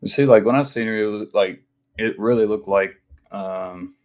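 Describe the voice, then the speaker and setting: A male podcast co-host with a very low voice. He chats casually and searches for words as he goes. His talk is full of little fillers. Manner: halting, full of fillers and "you know".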